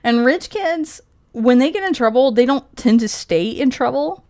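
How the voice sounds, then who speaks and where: A woman's voice: high voice, lively intonation, normal speed, a little mellow. A woman streamer in casual live-stream commentary, rambling and profane, laughing often as she talks.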